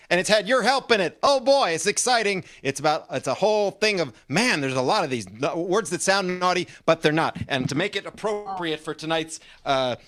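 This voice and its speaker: A man's voice: a little high, fairly bright tone. A man, a comedian, raps a playful comic hip-hop song full of cheeky double-entendre words.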